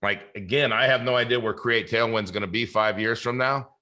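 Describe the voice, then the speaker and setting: Man, podcast host, casual interview, earnest, faith-filled, bright forceful tone. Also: medium pitch, fairly even intonation, brisk.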